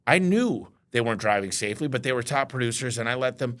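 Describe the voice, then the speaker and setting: A business owner appearing as a guest tells stories from his work in a casual chat, his voice medium in pitch and quick. He's animated, acting out the things other people said to him in put-on voices.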